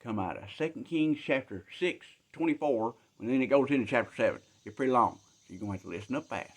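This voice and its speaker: A man's voice: mid-range voice, expressive, fast talker. A man telling a Bible story in a rambling, joking, colloquial way.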